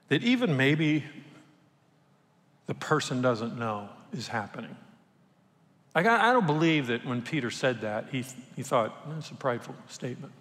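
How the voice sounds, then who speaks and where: A man preaching a sermon in a relaxed, conversational way, acting out the voices of people he quotes. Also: medium pitch. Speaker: pastor. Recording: long reverb from a large hall.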